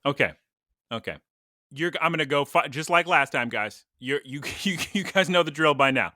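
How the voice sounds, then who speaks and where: Bright-voiced playful male podcast host. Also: fairly high pitch, expressive, dry recording, clean studio sound. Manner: playful, rambling, quick to laugh. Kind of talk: casual chat.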